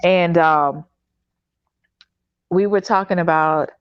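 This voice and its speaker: A woman from Chicago with a fairly low, smooth voice hosts a livestream talk show from a home video-call setup, her dry audio dull and slightly lo-fi. Speaking slowly, she tells a personal story in a loose, animated way, full of fillers and restarts.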